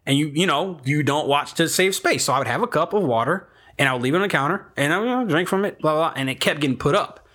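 A young man telling a rambling story among friends in a casual chat, animated and full of swearing and restarts. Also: a little high, quick pace.

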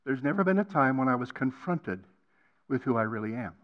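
An older man preaching a personal testimony on a college campus, swinging between hushed passages and loud emphatic ones. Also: medium pitch, lively intonation, brisk. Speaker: guest preacher.

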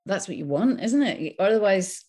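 A woman with a Scottish accent, a voice actress chatting as a guest in an interview, lively and quick to laugh. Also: medium pitch, slightly rough. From Scotland. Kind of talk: casual interview chat.

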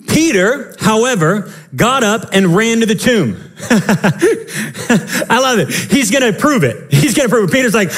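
A male pastor preaching an animated Easter sermon, playful, acting out the scenes and laughing as he goes. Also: sits high, measured pace.

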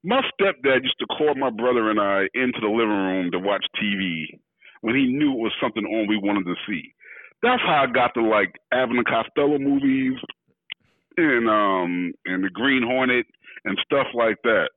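A rapper and entertainer, a man, telling animated stories as an interview guest and acting out the voices of others. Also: mid-range voice, moderate pace, dry recording. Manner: lively, acts out quoted voices, laughs while telling. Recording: tinny dry phone-like audio.

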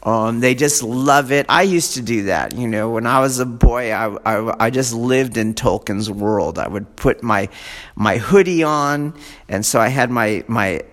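A man with a mid-range voice talks slowly in a large hall, and a long reverb trails each phrase. He speaks like an instructor giving a rambling casual lecture, digressing freely and often checking that his listeners follow. When he acts out fan excitement, he becomes animated. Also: mid-range voice. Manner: digressive, keeps checking in with "do you see?".

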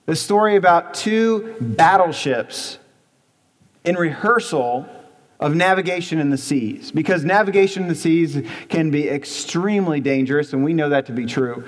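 An earnest male pastor preaches in a church, his voice sitting a little high for a man. He presses his points with repetition and rhetorical questions. A long reverb from the hall trails after him. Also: moderate pace. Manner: earnest, emphatic, repeats for stress, rhetorical questions. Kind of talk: sermon.

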